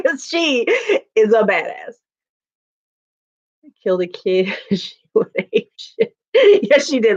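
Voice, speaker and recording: A woman's voice: on the high side, very animated, slow, pauses often, a little mellow. Chatty woman streaming, dull lo-fi sound. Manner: chatty, laughing, reacting to viewer comments. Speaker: live streamer. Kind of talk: casual live-stream chat.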